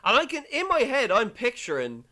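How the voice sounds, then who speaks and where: A podcast co-host chatting playfully with a partner, swearing freely. The voice sits in a middle register but swings widely in pitch. Punchlines are drawn out in a dry, deadpan way. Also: normal speed. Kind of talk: casual podcast chat.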